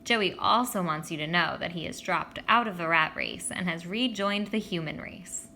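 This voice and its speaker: Firm, cheerful storybook neighbor mom, brisk delivery; a woman reader, bright tone. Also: on the low side, vocal fry, slight background noise.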